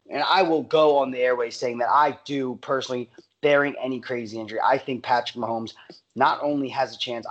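A man co-hosting a sports betting show, talking in an emphatic, animated way and often repeating his phrases. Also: mid-range voice, poor audio. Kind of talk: casual sports betting talk.

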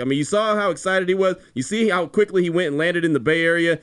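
Emphatic sports radio co-host. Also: male voice, sits high, a little fast, few pauses, clean tone. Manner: emphatic, animated, repeats "you know what I'm saying".

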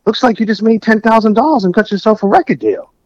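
Dude doing a label boss going no way, high-pitched and loud. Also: male voice, fast, no echo, dull audio. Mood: amazed. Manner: incredulous, exclaiming. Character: stunned brash male record label boss.

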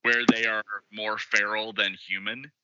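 A man with a low voice and a sharp, forceful tone chats about comics and laughs easily. The sound is dry and a little dull. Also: level tone, a little slow, smooth, no room sound. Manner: laughs easily, explains comic history conversationally. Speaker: podcast co-host. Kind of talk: casual chat.

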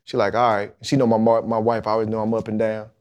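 A man, telling a lively, colloquial story in a podcast interview and acting out the people in it. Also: lowish voice, fast talker, smooth. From Mississippi, USA. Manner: animated storytelling, colloquial, acts out the voices of the people in his story. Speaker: guest, football player.

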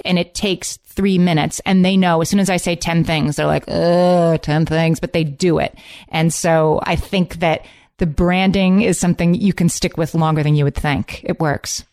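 A woman with a somewhat low voice talks casually on a podcast. She tells her stories with eager enthusiasm. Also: a little mellow. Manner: chatty, enthusiastic storyteller. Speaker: podcast co-host. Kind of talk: casual chat and read sponsor ad.

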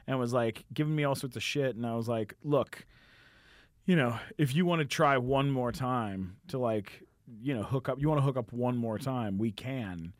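A man's voice: mid-range voice, normal speed, no echo, studio quality. A man, an actor and comedian, chatting as a podcast guest in a loose, rambling way. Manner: loose, rambling, many fillers. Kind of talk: casual chat.

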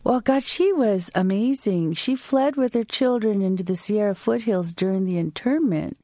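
A woman from the United States performing a personal story and then talking as an interview guest, vivid and expressive. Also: mid-range voice, moderate pace, no room sound, clean studio sound.

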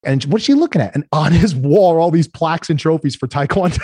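A man, a guest entrepreneur telling animated stories in a casual interview, acting out the voices of the people he quotes. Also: fairly high pitch, a little fast, husky, no echo. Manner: animated storyteller, acts out quoted voices, frequent "right?".

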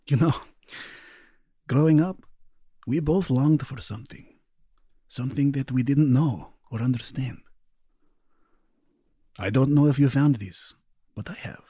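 A man voicing a corrupted younger brother who speaks in a soft, sweet voice that slips into whispers. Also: medium pitch, slightly rough, no room sound, clean studio sound.

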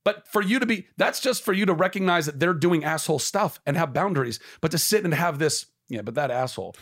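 Earnest high-voiced man opening up. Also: fairly quick, a bit bright. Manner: earnest and impassioned, restarting phrases as he searches for words. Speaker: podcast guest. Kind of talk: candid conversation.

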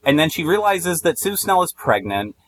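A man's voice: fairly high pitch, sing-song, moderate pace, a bit bright, rough recording. Emphatic man arguing about films. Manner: argumentative, emphatic. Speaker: film reviewer. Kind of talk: casual film debate.

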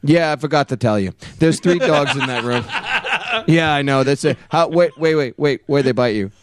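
A man's voice: fairly high pitch, moderate pace, close to an everyday voice. A man voicing a smug, scheming male military commander on a phone call, talking offhand and mocking with casual swearing.

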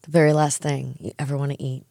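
A woman's voice: a bass voice, flat delivery, quick pace, creaky, dark tone, dry recording, studio quality. A woman in her forties hosting a podcast, chatting casually with a rambling, laugh-filled way of talking. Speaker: podcast host. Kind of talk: casual chat.

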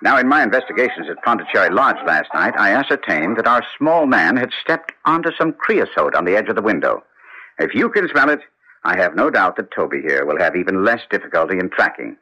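An actor playing Sherlock Holmes, a brisk, commanding, clever detective with a crisp lecturing manner, in 1940s radio acting style. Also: male voice, lowish voice, sing-song, pushed and bright, exaggerated voice, rough recording.

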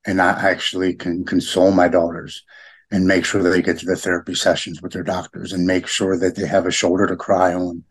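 A middle-aged man with a halting, heartfelt way of talking, often repeating words as he opens up in a personal conversation. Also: low-pitched, completely flat delivery, slightly rough. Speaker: podcast guest.

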